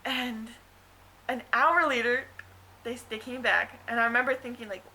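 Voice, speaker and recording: A young woman in her twenties tells the story of giving birth straight to camera, chatting casually with lots of "like" fillers. Her voice is steady and sharp at a moderate pace, and she raises it higher when acting out what people said. The recording quality is poor.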